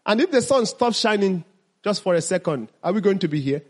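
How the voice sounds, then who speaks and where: A man with a high, husky voice leads a teaching talk, calling out questions and then answering them himself. His pitch swings widely, and he stretches out the words he wants to stress. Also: big pitch swings, fairly quick, a little mellow. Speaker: mindfulness teacher.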